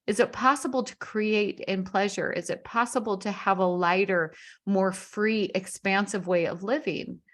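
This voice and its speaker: An author speaking over a video call in a motivational tone. She keeps asking gentle rhetorical questions that nudge the listener toward hope. Her pitch sits in the middle range for a woman. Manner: earnest, coaxing rhetorical questions. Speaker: author guest.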